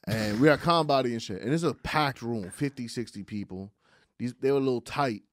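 A man's voice: mid-range voice, brisk, no echo, clean studio sound. A man co-hosting a podcast, telling stories in slangy casual chat with frequent laughter. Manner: laughs often, storytelling, slangy. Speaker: podcast co-host.

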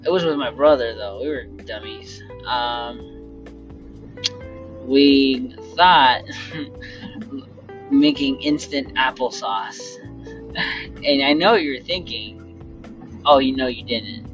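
An animated speaker telling casual stories on a solo podcast, laughing often and bursting into loud quoted lines. The voice is slow and unhurried at its own pace. It is recorded on a dull, lo-fi voice memo with soft music behind it. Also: mid-range voice. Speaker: podcast host. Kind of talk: casual storytelling.

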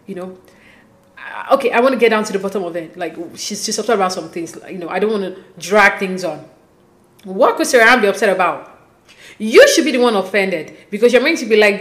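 A woman giving a casual, opinionated recap of a reality show, slipping quoted lines into her talk. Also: medium pitch. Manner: animated, quotes people in quick asides. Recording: echoey room.

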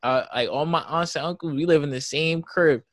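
A man's voice: a little high, fairly quick, fairly bright tone, dry recording. A young man from Jamaica with a New York accent, talking in a rambling casual chat full of fillers.

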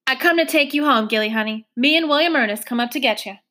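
A woman reading a novel aloud, voicing a flustered, breathy, heavyset foster mother who pleads and puffs. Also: sits high, expressive, moderate pace, a bit bright. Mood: soothing. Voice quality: breathy, puffing. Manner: pleading, distressed.

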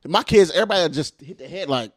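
Lively, emphatic man with a profane edge. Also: on the high side, fast, no room sound, clean studio sound. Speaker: podcast co-host. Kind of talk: casual chat.

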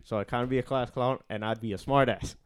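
A young man co-hosting a casual podcast, telling profane, animated stories and acting out the dialogue. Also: medium pitch, quick pace, smooth. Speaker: podcast co-host. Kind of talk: casual storytelling chat.

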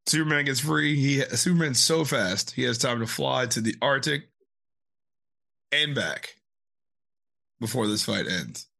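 A man co-hosting a relaxed comics podcast with a gravelly, creaky texture to his mid-pitched voice. He laughs often and stumbles over words while reading aloud. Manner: laughs often, reads synopsis haltingly. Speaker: podcast co-host. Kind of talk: casual chat.

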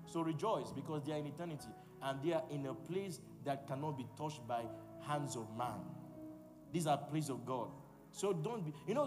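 Preacher with a rising, forceful delivery. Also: male voice, fairly high pitch. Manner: forceful, repetitive call-and-response preaching. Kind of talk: sermon. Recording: long hall reverb with music. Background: music.

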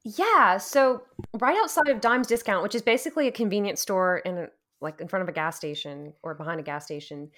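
A woman from Louisiana chats casually as a co-host, telling stories with plenty of animation. She laughs often and her voice sits at an ordinary middle pitch. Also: brisk, few pauses, fairly bright tone. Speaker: podcast co-host. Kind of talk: casual chat about a video game.

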